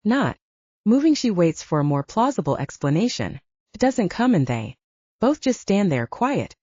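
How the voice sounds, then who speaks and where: A woman narrating a fantasy novel audiobook with an expressive, varied reading. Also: medium pitch, moderate pace, slightly rough, dry recording, highs cut off. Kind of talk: scripted narration.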